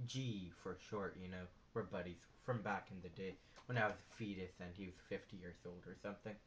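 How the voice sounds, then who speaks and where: A teenage boy performing a stand-up comedy routine with a boastful, deadpan delivery and slangy asides, recorded on a phone. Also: on the low side, dull audio. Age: late teens. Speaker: student comic. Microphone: phone camera in the audience.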